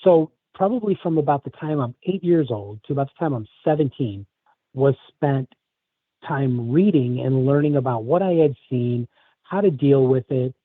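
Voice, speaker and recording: A man from the Chicago area telling a personal story in a halting, casual way, with many restarts. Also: mid-range voice, no room sound. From Chicago area, USA. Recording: tinny phone line, dry.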